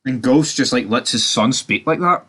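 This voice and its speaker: A man's voice: medium pitch, moderate pace, pushed and bright, breathy edge. A man giving a casual, profanity-heavy TV recap, opinionated and mocking. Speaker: TV series recapper.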